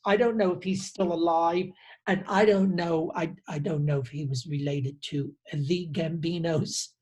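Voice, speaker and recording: A man with a soft, mellow voice talks casually as a co-host. He often stumbles over and repeats his words while he gathers his thoughts, and the talk stays relaxed. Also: a little high, measured pace. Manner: hesitant, repeats words while searching for them. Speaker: co-host, PR professional. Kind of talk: casual conversation.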